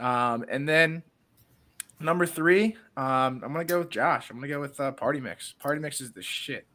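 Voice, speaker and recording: A laid-back young man chats casually and fills his pauses with ums. His voice is bright and forceful. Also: medium pitch. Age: young adult. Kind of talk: casual chat.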